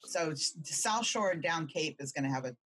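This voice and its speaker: Low, husky woman in casual chat. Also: expressive, fairly bright tone, no room sound. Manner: chatty, quick to agree and chime in.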